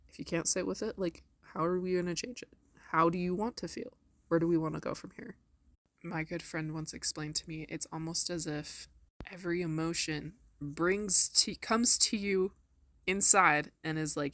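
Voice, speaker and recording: A young woman with a low voice talks through spiritual advice in a chatty, earnest way. She acts out inner voices with big swings in tone. Her voice sounds dry and close, with no room echo. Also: steady tone, moderate pace, a bit bright. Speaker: spiritual wellness vlogger. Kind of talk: casual spiritual advice talk.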